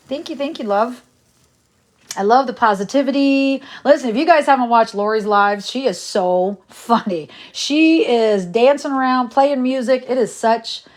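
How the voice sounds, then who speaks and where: Chatty woman with lively pitch. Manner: chatty, rambling, exasperated. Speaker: livestream host. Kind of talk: casual livestream chat.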